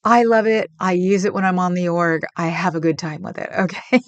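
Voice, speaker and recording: A woman's voice: on the low side, normal speed, dry recording, highs cut off. A woman from the Bay Area hosting a casual livestream chat, answering viewers with frequent laughs. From San Francisco Bay Area. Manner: chatty, laughs often, rambling. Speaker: livestream host.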